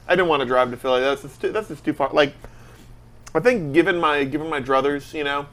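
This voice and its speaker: A man co-hosting a casual talk show, telling stories in a loose, rambling way. His voice sits a little high for a man, and he fills his sentences with easy fillers. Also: fairly quick, fairly bright tone. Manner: chatty, rambling with many fillers. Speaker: podcast co-host. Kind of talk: casual chat.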